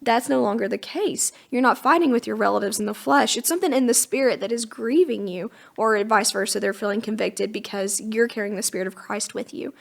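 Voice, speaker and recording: Woman, higher voice with vocal fry, casual and chatty Bible-podcast co-host. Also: a little fast, hardly any pauses. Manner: chatty, casual retelling with lively acted-out quotes. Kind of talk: conversational Bible teaching.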